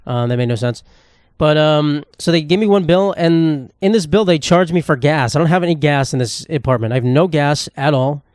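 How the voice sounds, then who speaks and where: A man's voice: a little high, moderate pace, hardly any pauses, a little mellow, clear, resonant tone, dry recording, clean studio sound. A young man, hosting a solo comedy podcast in a profane, sarcastic, rambling rant. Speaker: podcast host.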